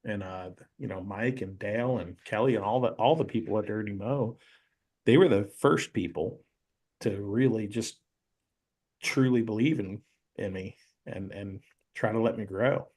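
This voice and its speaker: A man guest on a podcast, telling animated stories in casual chat and acting out the people he quotes. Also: fairly low pitch, normal speed. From North Carolina. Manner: animated storyteller, acts out quoted voices, many "you know"s.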